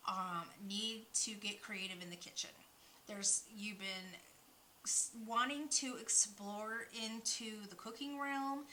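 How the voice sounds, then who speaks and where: A woman's voice: mid-range voice, bright, forceful tone, slight background noise, poor audio. A woman giving a spiritual nutrition card reading, rambling with many fillers and restarts. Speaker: oracle card reader.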